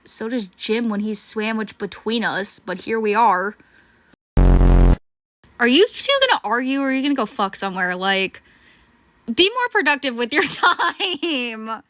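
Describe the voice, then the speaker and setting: A chatty woman talks through a show in casual reaction commentary, sarcastic and quick to swear or laugh. Her slightly high voice swings widely up and down as she talks. Steady background noise sits under the recording. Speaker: reaction video creator.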